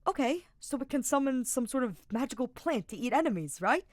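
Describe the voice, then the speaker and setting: A woman reading a fan-fiction audiobook, voicing an excitable young male paladin who gushes and gasps. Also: normal speed, no room sound, clean studio sound, natural voice. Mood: curious. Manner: eager, gasping, squeaky.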